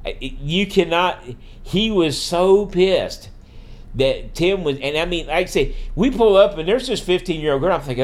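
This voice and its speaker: Male guest; animated storyteller with a high, lively voice. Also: normal speed. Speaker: podcast guest. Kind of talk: casual storytelling chat.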